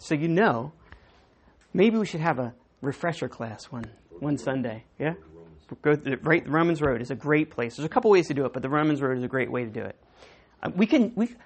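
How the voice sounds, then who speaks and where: Lively older woman preaching. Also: low voice, husky. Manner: lively and conversational, acting out quotes and laughing. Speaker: pastor. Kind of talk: sermon.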